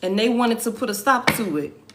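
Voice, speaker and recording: A woman's voice: a little high, lively intonation, fairly quick, background noise. A woman giving a casual tarot reading, swearing freely and repeating her points for emphasis. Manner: profane, emphatic, repeats phrases. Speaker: tarot reader.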